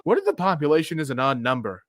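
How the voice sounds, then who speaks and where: Lively jokey man reacting to memes. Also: on the high side, soft background music. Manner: jokey, reads captions aloud in quick voices. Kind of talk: live meme reaction commentary.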